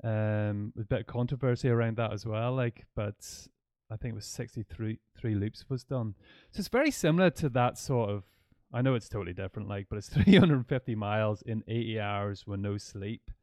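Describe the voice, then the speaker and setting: A man's voice: on the low side, fairly quick, dry recording. Chatty man hosting a podcast. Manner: animated storyteller, laughs often. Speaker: podcast host. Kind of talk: conversational interview.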